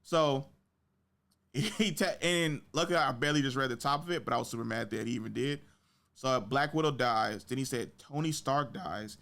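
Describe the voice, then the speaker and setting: A young man hosts a podcast in easy, slangy chat, winding through his stories at a mid pitch. He swears freely and lets the tale run on. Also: moderate pace, creaky. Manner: animated storytelling with big pitch jumps in quoted reactions; slangy, profane speech. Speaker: podcast host. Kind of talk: casual chat.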